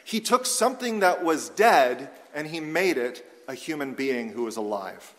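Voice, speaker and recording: A man preaching an expository sermon, measured and emphatic, slowing down to read scripture aloud. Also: mid-range voice, lively intonation. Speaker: pastor. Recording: long hall reverb.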